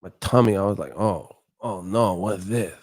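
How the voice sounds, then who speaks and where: Man doing a comic heavyweight-legend impression: childish, mumbly, low and quiet. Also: moderate pace. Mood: whiny. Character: mock Mike Tyson, grown man whining about a stomachache. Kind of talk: comic impression on a live stream.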